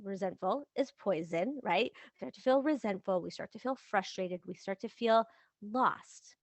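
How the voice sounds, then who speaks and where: A woman with a medium-pitched voice hosts a podcast as a relationship coach, speaking at a moderate pace with no echo. She keeps the advice casual and lively, slipping into little voices to act out everyday examples.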